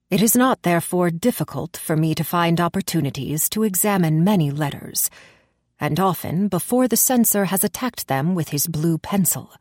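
A pale, nervous male spy from a storybook speaks in a low, measured, grim way, read by a woman. The voice leans in, confiding and careful. The recording is close and dry. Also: a little mellow, dry recording.

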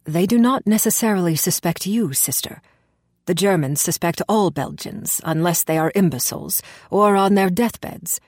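A woman reading the part of a pale, nervous male spy clerk, speaking in a measured, grim, confiding way. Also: lowish voice, darkish tone, no echo, clean studio sound, close to an everyday voice. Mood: grave.

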